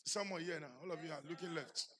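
A man with a Nigerian English accent preaching a sermon in a church, building to shouted emphasis and putting questions to the congregation. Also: on the high side, fairly even intonation, quick pace, breathy edge. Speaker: pastor.

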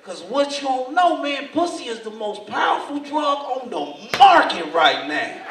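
A man doing stand-up comedy in a large hall, telling his story loudly and with lots of swearing. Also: extremely high pitch, a little slow. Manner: loud, profane, animated storytelling. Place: large hall in front of a live audience. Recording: echoey hall, voice from far, noisy.

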